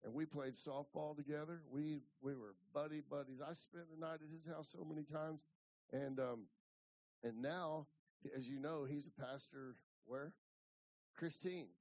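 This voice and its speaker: A man's voice: a little high, steady tone, measured pace, darkish tone, no echo, muffled recording. Folksy preacher man in his fifties. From Ohio. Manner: rambling, repeats words and restarts. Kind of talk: folksy storytelling sermon.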